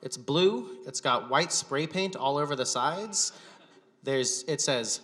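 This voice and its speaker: Male stand-up host, bright, slightly high voice, wry deadpan storytelling, long hall reverb. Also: slow. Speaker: stand-up comedian and show host. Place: gallery venue with live audience.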